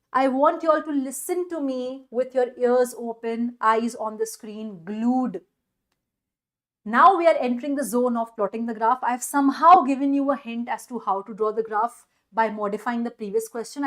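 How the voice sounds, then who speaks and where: Energetic Indian-accented woman teaching maths. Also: on the high side. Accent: Indian English. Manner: energetic, coaxing questions to students. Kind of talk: online exam-prep lecture.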